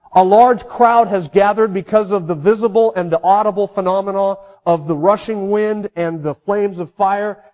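A man's voice: high-pitched, darkish tone, highs cut off. A man preaching a sermon in an emphatic way, repeating key words for stress. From United States. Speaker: pastor.

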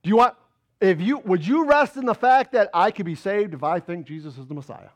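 A man preaches a sermon in a high-pitched voice. He keeps asking the congregation questions, pushing hard on key points and then dropping low and quiet. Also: lively intonation, a little fast. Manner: swings between loud emphatic bursts and low quiet asides. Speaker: pastor.

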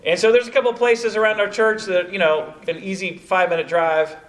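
Man, high voice, church training talk, storytelling, chatty asides. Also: a little fast. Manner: storytelling, animated, many asides like "you know, kind of thing". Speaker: evangelism trainer. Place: church meeting room with a live audience.

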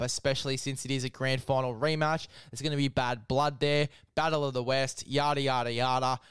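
An Australian man hosts a casual sports podcast, talking in a blokey, chatty way. His voice is smooth and resonant, middle-pitched. The sound is close and dry. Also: no echo. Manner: blokey, keeps saying mate, hammy ad read. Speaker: podcast host. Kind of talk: casual sports preview chat.

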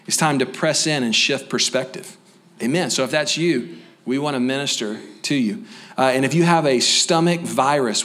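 A man preaching a sermon as a pastor, animated and full of humorous asides, then softening into a slow, quiet closing prayer. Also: mid-range voice. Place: church sanctuary.

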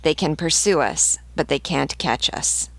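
A woman's voice: deep voice, animated, no echo, full character voice. A woman reading the lines of a loyal male servant who urges everyone to hurry. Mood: urgent. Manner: urgent, hurried.

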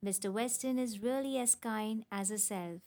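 A woman's voice: on the high side, moderate pace, dark tone, natural voice. A woman voicing a fretful, melancholy elderly father in a storybook reading, in a plaintive manner.

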